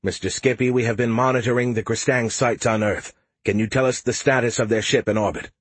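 A man voicing a measured, tired female president in an audiobook, in his own low voice. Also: steady tone, slightly rough, dry recording, lightly acted. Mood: calm. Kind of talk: audiobook character voice.

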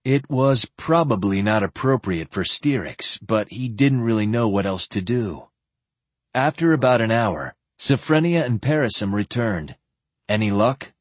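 A man narrating a fantasy audiobook in an expressive storytelling manner. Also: mid-range voice, measured pace, no echo. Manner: expressive storytelling with voiced characters.

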